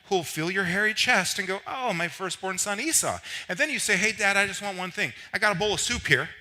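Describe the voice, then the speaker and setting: A scheming mother hatches a plan in a high, bright, pushed-up voice, as a male preacher puts her on. She rattles off her instructions quickly and conspiratorially, and the tone stays a little tense and thin. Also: low-quality recording.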